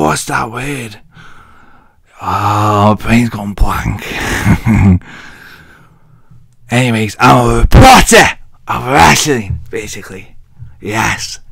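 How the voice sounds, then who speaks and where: A man with a deep voice, rambling jokily through a casual wrestling recap with self-mocking asides. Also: gravelly, fairly bright tone, slightly rough, no echo, clean studio sound. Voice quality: deep, masculine. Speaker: wrestling vlogger.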